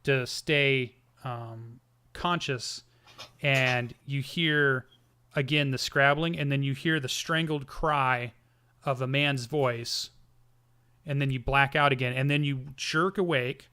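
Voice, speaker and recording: A man narrating a tabletop game as game master, halting often with ums and restarts. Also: mid-range voice, fairly even intonation, bright, forceful tone, smooth.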